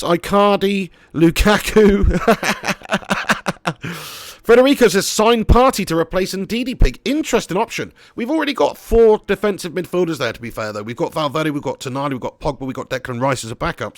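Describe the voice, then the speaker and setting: A man's voice: high voice, no room sound, clean studio sound. Chatty man streaming a football game. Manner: chatty, rambling, laughs while reading chat. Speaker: gaming streamer. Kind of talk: casual live-stream game commentary.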